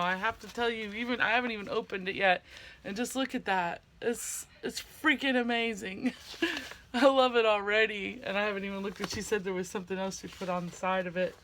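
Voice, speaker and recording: A middle-aged woman chatting casually to camera at home in a craft vlog, with many fillers, low-key from a sinus headache. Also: a bit bright, slight background noise. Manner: chatty, many fillers, gasps and squeals of delight. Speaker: craft vlogger.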